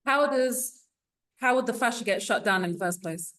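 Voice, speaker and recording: A woman hosting a podcast, asking measured, thoughtful questions. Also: a little high, a bit bright. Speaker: podcast host. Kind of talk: casual podcast interview.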